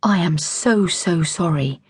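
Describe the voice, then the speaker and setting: A woman's voice: on the low side, slow pace, husky, dry recording, clean studio sound, exaggerated voice. A woman voicing a flustered, apologetic young mother in an audiobook.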